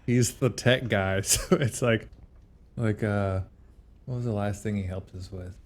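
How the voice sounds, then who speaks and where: A man's voice: on the low side, a little slow, a little hiss or hum. A man co-hosting a podcast in casual chat, telling stories and acting out quotes from friends. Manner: animated storytelling, acts out quotes, laughs often. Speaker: podcast co-host.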